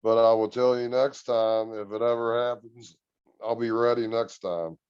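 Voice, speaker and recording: A man guest on a podcast, telling a story in an earnest, relaxed, drawn-out way. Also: mid-range voice, clear, resonant tone, dry recording, highs cut off. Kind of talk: casual storytelling.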